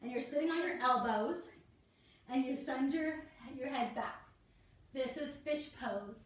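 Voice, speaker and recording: In an unhurried, high voice, a woman guides children through a yoga class, offering encouragement and explaining each pose in steps. The echoey room and off-mic position mean she sounds distant on the recording.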